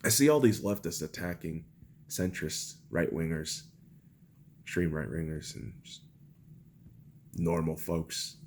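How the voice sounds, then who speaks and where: A young man hosting a podcast, delivering an angry, profane political rant that swings between shouting and low muttering. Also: a little slow, long pauses, a little hiss or hum. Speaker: podcast host.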